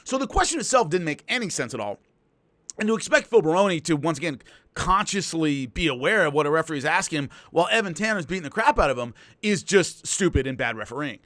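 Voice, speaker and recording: A man working as a combat sports analyst, telling fight stories in an emphatic, animated commentary style with frequent restarts. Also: a little high, fast talker, no room sound.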